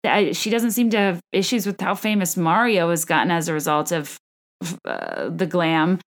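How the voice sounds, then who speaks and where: A woman's voice: fairly low pitch, sing-song, normal speed. Rambling, chatty woman podcast host. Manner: chatty and rambling, many asides and restarts. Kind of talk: solo celebrity gossip chat.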